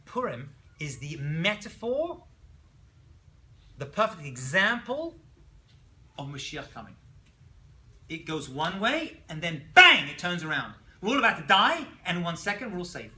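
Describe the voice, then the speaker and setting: Lively, animated rabbi teaching a class. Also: male voice, fairly high pitch, measured pace, long pauses. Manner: animated storyteller, asks the class questions. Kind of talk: classroom lecture.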